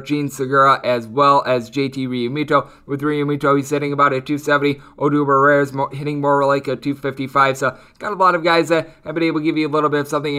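Fast-talking bright-voiced man breaking down odds. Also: on the high side. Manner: rapid-fire stat rundown with quick jokes. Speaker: sports betting podcast host. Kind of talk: solo betting analysis.

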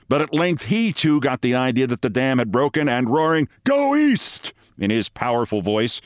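A man's voice: medium pitch, dry recording, clean studio sound. A man reading a humorous story aloud in a vivid, dramatic storytelling manner. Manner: vivid storytelling, loudly acting out shouted cries.

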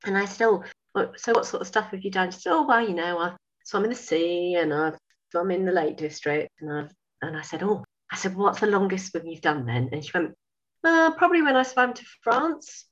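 A woman's voice: on the low side, brisk, lo-fi sound. Chatty woman in her fifties, telling a story. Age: 50s. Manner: animated, laughing, acts out dialogue. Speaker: sewing school owner. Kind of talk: casual storytelling.

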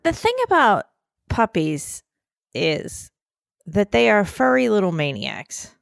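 A woman co-hosting a podcast in casual chat, animated and slightly breathy, recording from a makeshift spot in a puppy pen. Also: mid-range voice, slow pace, no echo, clean studio sound. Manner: animated, keeps addressing her co-host by name, acts out quotes. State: a little breathy. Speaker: podcast co-host.

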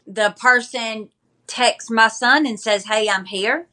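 Bright-voiced woman, halting and measured. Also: fairly high pitch. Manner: halting, measured retelling with many pauses and fillers. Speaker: podcast guest. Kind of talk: conversational interview.

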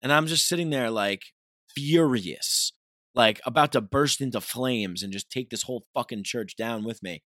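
A man's voice: mid-range voice, moderate pace, fairly bright tone, dry recording, clean studio sound. A man delivering an intense, profane monologue that circles back on its own points. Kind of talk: ranting monologue.

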